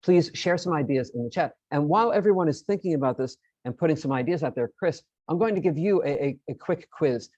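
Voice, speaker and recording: A man's voice: a little high, expressive, quick pace, few pauses, darkish tone, no echo, lo-fi sound. A man presenting an online teacher-training session, explaining in a friendly way and often repeating his words.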